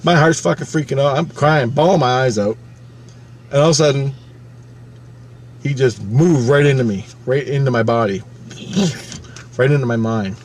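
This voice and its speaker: A man in his fifties narrating a personal experience in a loose, unscripted monologue. He talks at a middle pitch, swears freely, and circles back on his own phrases. A faint hiss sits under his voice. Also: a little mellow. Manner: profane, emphatic, halting retelling with repeated phrases. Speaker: channel host.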